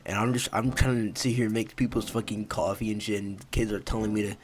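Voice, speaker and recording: A man's voice: fairly low pitch, fairly even intonation, quick pace, faint music behind. A young man narrating a casual story in a laid-back, profane way, full of fillers.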